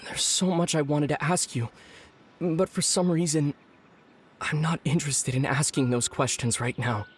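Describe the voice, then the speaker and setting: A man voicing a quiet, earnest young traveler. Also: on the high side, normal speed, slight background noise, lightly acted. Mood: subdued. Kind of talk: video game cutscene dialogue.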